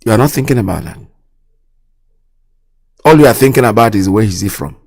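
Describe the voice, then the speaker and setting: A man's voice: on the low side, expressive, brisk, creaky, darkish tone. A Nigerian man hosting a radio show, giving impassioned political commentary, indignant and repeating himself as he fires off rhetorical questions. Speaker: radio host. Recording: long hall reverb.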